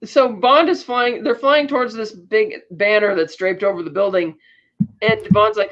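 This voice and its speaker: A woman of medium pitch and fairly bright tone co-hosts a podcast, talking at normal speed over a muffled recording. Her casual film recap is chatty and keeps breaking into fillers and fresh starts.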